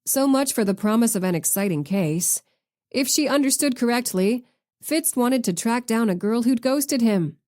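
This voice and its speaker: A woman's voice: a little high, animated, normal speed, a little mellow. Woman narrating a romance audiobook. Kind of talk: scripted narration.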